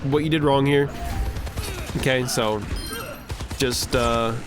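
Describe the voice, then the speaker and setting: A man's voice: mid-range voice, steady tone, slow pace, over music. A man reviewing gameplay footage live, coaching a player in a casual, encouraging way and repeating his instructions. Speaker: streamer coach.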